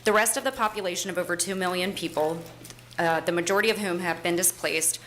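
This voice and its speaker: A woman's voice: lowish voice, fast talker, a bit bright, slight background noise, low-quality recording. A woman reading a composed, prepared public comment to a city council.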